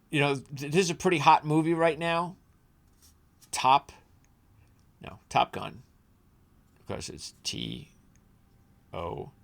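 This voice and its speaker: A man's voice: mid-range voice, a bit bright. A middle-aged man hosting a motorsports channel, talking in a casual, rambling way with lots of restarts and asides, sometimes heated. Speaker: motorsports channel host, former radio man. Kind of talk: casual rambling commentary to camera.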